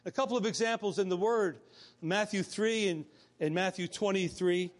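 A man with a high-pitched voice preaches a morning sermon. He talks in a relaxed, conversational way, restarting phrases and slipping into quoted dialogue. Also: normal speed. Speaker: pastor.

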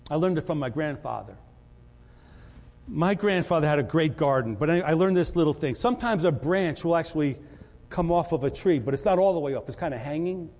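A man preaching a sermon as pastor, animated and conversational, often repeating words as he builds up. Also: a little high, a little fast. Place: church. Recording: church hall reverb.

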